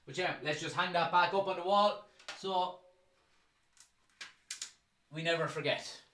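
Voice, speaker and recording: A man's voice: on the high side, a little slow, a bit bright, a little hiss or hum. Chatty man hosting a stream. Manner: chatty, reads out viewer comments, laughs often. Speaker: football watch-along host. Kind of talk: casual live-stream chat. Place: front room at home.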